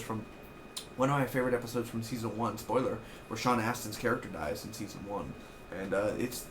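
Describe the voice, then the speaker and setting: A young man in his twenties casually recapping a TV episode, rambling and excitable, swearing freely. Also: fairly low pitch, a little hiss or hum. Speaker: TV episode reviewer.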